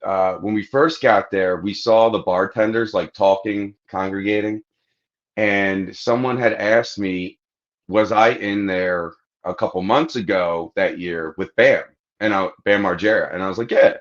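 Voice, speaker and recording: A man with a deep, low voice tells a rowdy anecdote in easygoing podcast chat. He swears a lot and acts out the other people's lines. The recording is a bit muffled and lo-fi. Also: a little slow. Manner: profane, animated anecdote-telling, acting out quotes. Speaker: podcast host. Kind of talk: casual storytelling chat.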